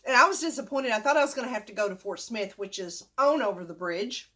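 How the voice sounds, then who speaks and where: A woman's voice: a little high, fast talker. An older woman, chatting in a casual storytelling vlog and acting out the dialogue as she goes. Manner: chatty, animated, acts out the dialogue. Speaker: vlogger.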